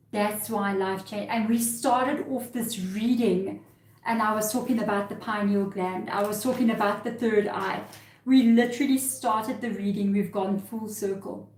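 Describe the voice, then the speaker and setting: A woman's voice: medium pitch, a little slow, darkish tone. Woman, live tarot reading, earnest, emotional, echoey room. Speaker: tarot reader.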